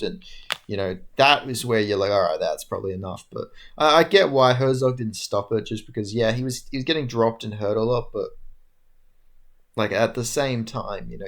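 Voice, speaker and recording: A man's voice: medium pitch, a bit bright. A young man casually recapping MMA fights alone, rambling and tired, with lots of fillers and casual swearing. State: tired, yawning. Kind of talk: casual solo recap talk.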